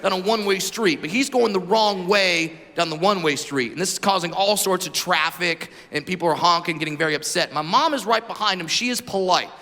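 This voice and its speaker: A male stand-up comedian performing a loud, punchy set, shouting his punchlines, recorded in a large theater. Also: sits high, a little fast, hardly any pauses. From American South. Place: large theater with live audience. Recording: echoey hall, crowd laughter. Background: audience laughter.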